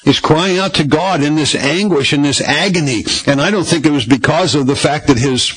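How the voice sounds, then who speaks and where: A man's voice: a little high, normal speed, a bit bright, husky, poor audio. A man preaching a sermon from the Bible, conversational, with many fillers and repeated phrases. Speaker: pastor.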